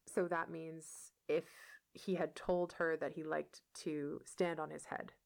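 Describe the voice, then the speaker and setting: Woman reading a story aloud, lowish gravelly voice, patient explanatory asides. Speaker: teacher reading a novel aloud. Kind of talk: read-aloud lesson explaining vocabulary.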